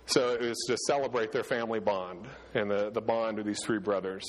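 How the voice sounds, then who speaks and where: A pastor giving a casual, conversational sermon full of restarts and fillers. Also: male voice, lowish voice, steady tone, a little fast, hardly any pauses, big-room sound, rough recording.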